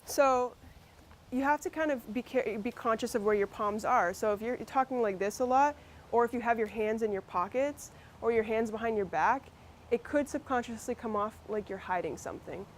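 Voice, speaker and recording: A woman's voice: on the high side, normal speed, a little hiss or hum. A woman with a Massachusetts accent presenting a workshop, talking conversationally with fillers and restarts. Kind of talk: instructional workshop talk.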